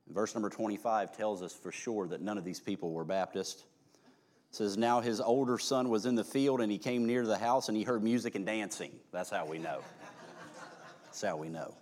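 A man's voice: on the low side, a little mellow. A man preaching a sermon, reading scripture aloud with rising emphasis and breaking off into folksy, joking asides to his congregation.

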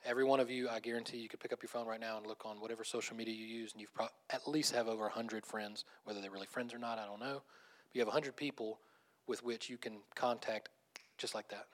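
Animated man preaching a casual sermon. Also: lowish voice, fast. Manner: animated, laughs often, restarts phrases. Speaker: pastor. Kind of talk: conversational sermon.

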